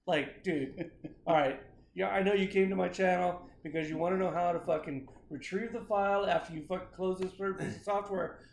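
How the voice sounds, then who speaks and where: A man's voice: high-pitched, steady tone, moderate pace, vocal fry. A man co-hosting a podcast, sarcastic and swearing heavily, often restarting his sentences. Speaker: podcast co-host. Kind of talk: casual profane banter. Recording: roomy echo.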